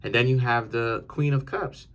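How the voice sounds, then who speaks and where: A young man giving a casual, slangy tarot reading, animated and repetitive in his talk. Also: medium pitch, moderate pace. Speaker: tarot reader. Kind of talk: casual monologue.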